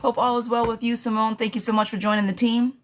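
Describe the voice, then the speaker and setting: A woman reads tarot on a live stream, talking in a casual, affectionate way and calling viewers sweetheart and love bug. Her speech comes in quick, animated bursts with plenty of laughter. There is a faint hiss of background noise under her voice. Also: on the high side. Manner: affectionate, showers viewers with pet names; animated, talks fast in bursts, laughs often.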